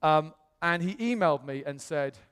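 A man from the United Kingdom preaching in a church, telling his story in a chatty, animated way with self-quotes. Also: on the high side, normal speed, clear, resonant tone. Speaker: pastor. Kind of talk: storytelling sermon. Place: church hall. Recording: long church-hall reverb.

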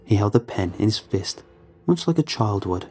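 A man giving a measured, somber scripted horror narration. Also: lowish voice, lively intonation, warm tone, soft background music.

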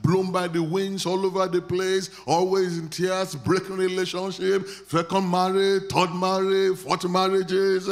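A man with a Nigerian accent preaching a sermon, leading his congregation in call and response and rising to loud prayer declarations. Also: high voice, flat delivery, a little slow, few pauses, faint music behind. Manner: builds to loud declarations when praying over the congregation. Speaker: pastor.

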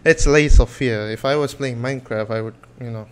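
A man's voice: medium pitch, a little fast, clear, resonant tone. A man giving casual let's-play commentary on a horror game, nervous, jokey and profane, rambling as he goes. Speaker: gameplay channel host.

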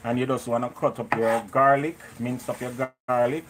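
A man's voice: mid-range voice, flat delivery, normal speed, noisy background. A man with a Jamaican accent hosting a live cooking stream from a home kitchen, chatting and greeting viewers by name. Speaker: cooking show host.

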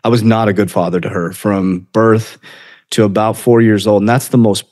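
A man in his forties, a podcast guest, telling his life story in an earnest, halting way. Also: fairly low pitch, steady tone, a little mellow. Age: 40s. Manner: earnest, halting, often laughing while recounting. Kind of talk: emotional personal storytelling.

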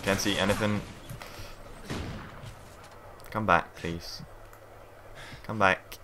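A man's voice: deep voice, steady tone, a little slow. A man doing live gameplay commentary, frustrated and swearing as he plays. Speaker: gamer. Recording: game noise clearly behind.

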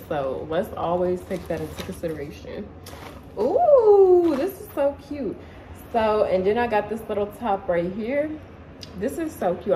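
A young woman chatting casually in her living room, excitable and slangy, as a vlogger showing clothes. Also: mid-range voice, a little hiss or hum, rough recording. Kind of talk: casual haul video chat.

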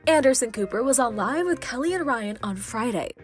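A woman's voice: a little high, expressive, a little fast. Upbeat woman reading entertainment news. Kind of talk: scripted news voice-over. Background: faint music bed.

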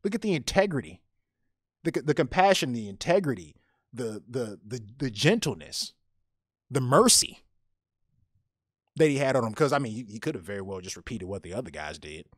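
A man's voice: medium pitch, very animated, normal speed, pauses often, no room sound, studio quality. A man co-hosting a podcast, telling a story animatedly with lots of restarts. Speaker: podcast co-host. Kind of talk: casual podcast chat and storytelling.

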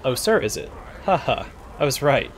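A man's voice: medium pitch, sing-song, moderate pace, a little hiss or hum, voice pushed up, close to an everyday voice. A man reading out a swaggering tavern bully from a fantasy game in a taunting, jeering manner.

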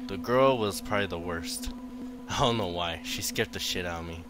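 A man's voice: low voice, moderate pace, noisy background. A man hosting a gaming channel, giving horror game commentary full of swearing and panicky outbursts. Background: game music.

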